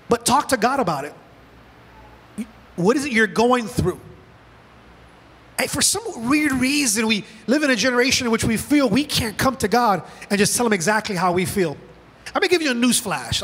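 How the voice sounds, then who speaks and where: Male pastor, very high and bright voice, animated sermon delivery, big reverberant church hall. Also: slightly rough. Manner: animated preaching, acts out dialogue with God. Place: church sanctuary.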